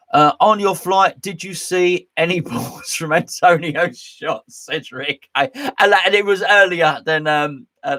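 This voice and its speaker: A man's voice: fairly high pitch, sharp tone. A man hosting a casual live stream from his home man cave, rambling and joking as he reads out chat comments. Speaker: host.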